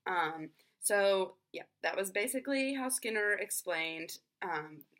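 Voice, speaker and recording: A woman's voice: mid-range voice, expressive, slow, a bit bright. A young woman explaining a topic in a casual, chatty way, full of fillers like "um" and "like". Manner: filler-heavy, frequent "like" and "um". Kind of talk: casual spoken explanation to camera.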